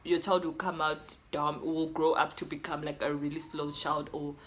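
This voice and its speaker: A young South African woman with a South African accent, telling a personal story in an animated, code-switching way. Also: deep voice, moderate pace, slight background noise. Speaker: YouTuber. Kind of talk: storytime vlog.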